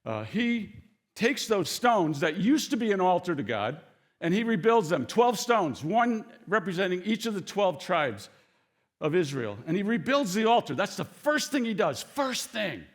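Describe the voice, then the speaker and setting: A man delivering a sermon with a lively, swooping delivery that climbs high when he acts out the characters. He tells the story in a chatty way and stops now and then to speak straight to the congregation. His voice sits a little above the usual pitch for a man. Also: unhurried. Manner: animated storytelling, acts out quoted lines; conversational asides to the congregation. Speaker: pastor.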